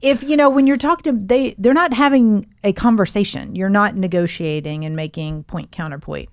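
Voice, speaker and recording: A woman's voice: medium pitch, normal speed, dry recording. A middle-aged woman hosting a podcast interview, chatty and telling stories with easy laughter. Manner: chatty, storytelling, laughs easily. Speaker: podcast host. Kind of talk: casual interview chat.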